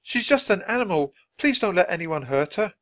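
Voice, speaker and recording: A man reading a storybook aloud, voicing an outspoken young girl who loves animals in a high, urgent voice. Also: sing-song, moderate pace, a bit bright. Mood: pleading, bold.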